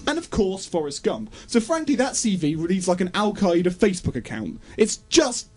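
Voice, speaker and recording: An exasperated young man delivers a comic film review as a running rant. His pitch leaps and dips constantly, and he keeps breaking into shouted outbursts of disbelief. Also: big pitch swings, normal speed. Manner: exasperated, bursts into shouting tirades.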